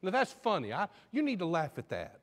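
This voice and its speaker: Pastor, male, fairly high voice, emphatic sermon delivery, long church reverb. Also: huge pitch swings, fairly quick, fairly bright tone. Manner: preaching with rising emphatic bursts. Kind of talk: sermon with a told joke.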